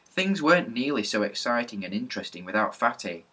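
A man narrates a children's storybook with lively expression. His voice is bright and a little husky, set at an ordinary male pitch. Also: fairly quick. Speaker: narrator reading a children's book. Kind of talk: storybook reading aloud.

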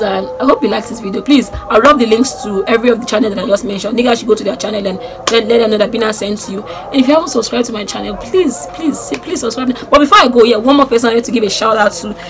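A young Nigerian woman with a Nigerian accent, chatting excitedly on her vlog and repeating herself as she gushes about people she admires. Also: fairly high pitch, quick pace, background noise. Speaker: YouTuber. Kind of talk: casual vlog chat.

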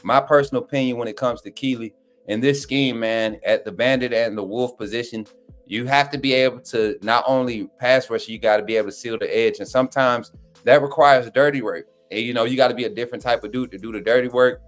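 A man's voice: mid-range voice, steady tone, fairly quick, soft background music. A man hosting a sports fan live stream in loose, slangy casual chat, often cracking up with laughter.

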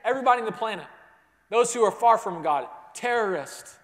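A man preaching a sermon to a congregation, moving between hushed, intimate passages and rising emphatic ones, often restarting his words. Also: high-pitched, lively intonation, fairly quick, long reverb tail. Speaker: pastor. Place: large church sanctuary.

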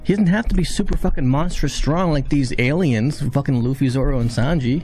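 A man's slightly rough voice moves briskly with few pauses as he reacts to an anime episode over soft background music. His commentary is casual and excitable, full of swearing, and it jumps high when he is shocked.

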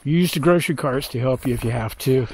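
A man's voice: medium pitch, fast talker, darkish tone, slight background noise. An older man vlogging outdoors on a hiking trail, talking in a heartfelt, rambling way and trying to hold back tears. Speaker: hiker vlogger. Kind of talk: reflective trail vlog.

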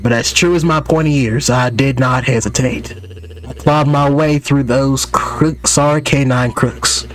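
A man voicing a boastful old male cat who spins long, drawn-out tales of his battles. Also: mid-range voice, steady tone, pitched above the performer's own voice, close to an everyday voice. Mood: boastful storytelling.

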